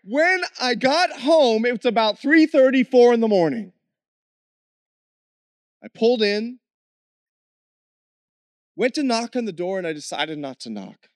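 A man, a missionary, tells his story in an animated way with frequent laughs, then slows into an earnest prayer. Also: sits high, no echo, clean studio sound. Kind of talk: testimony story ending in prayer.

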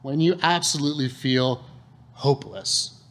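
A man preaching to a congregation, his voice sitting a little high and swinging widely up and down. He keeps it conversational, tossing questions out to the room and answering them himself. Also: very animated, a little slow. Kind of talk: sermon. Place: church hall.

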